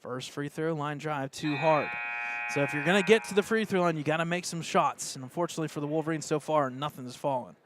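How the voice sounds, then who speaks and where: An American man doing live play-by-play of a high school basketball game, excitable and openly rooting for the home team. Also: fast, noisy background. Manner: excitable, partisan, rising pitch on plays. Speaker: play-by-play announcer.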